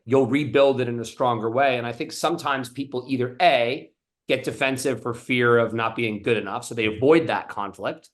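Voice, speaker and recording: Enthusiastic male podcast host. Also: mid-range voice. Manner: enthusiastic, casual. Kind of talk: conversational interview.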